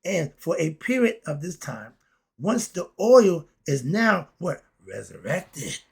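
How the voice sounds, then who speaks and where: A man delivers a preachy spiritual lecture, putting questions to his listeners and answering them himself. His voice sits a bit high and sounds husky. He drops into quiet asides, then breaks into loud, excited bursts. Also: takes it slowly. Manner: preachy, talks straight at the audience, asks and answers his own questions. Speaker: host.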